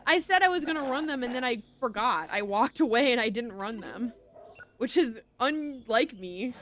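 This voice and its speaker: Chatty high-voiced woman streamer. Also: lively intonation, a bit bright. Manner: chatty, rambling, quick to apologize. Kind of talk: casual gameplay commentary.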